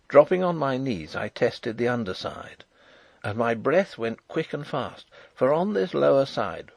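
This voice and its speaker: A man reading a novel aloud as an audiobook narrator, in a measured, dramatic storytelling manner. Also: mid-range voice, gravelly, husky, dry recording. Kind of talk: first-person audiobook narration.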